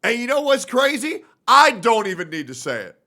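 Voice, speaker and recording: A man streaming live, reacting loudly and swearing as he talks to his chat and works things out aloud. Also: extremely high pitch, sing-song, moderate pace. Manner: loud, profane, thinks out loud and talks to chat. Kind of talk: casual livestream reaction.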